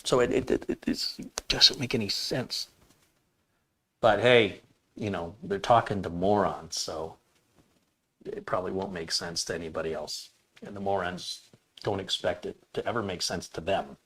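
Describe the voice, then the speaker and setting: A blunt, opinionated man answers viewer questions in a casual, rambling way. His voice sits low, and he doubles back on his words as he talks. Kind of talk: casual live Q&A.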